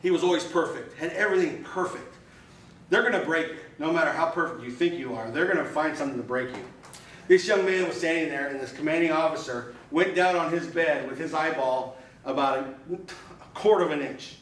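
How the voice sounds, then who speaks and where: A man's voice: a little high, brisk, a bit bright, a little hiss or hum. A man giving an emphatic motivational club speech, telling stories in punchy, repeated phrases. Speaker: club speaker. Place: meeting room. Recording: echoey room from far off.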